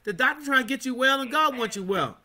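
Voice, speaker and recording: High, bright-voiced fervent preacher man. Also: animated, fast talker. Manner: fervent, call-and-response with amens. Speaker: Bible study teacher. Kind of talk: preaching Bible study.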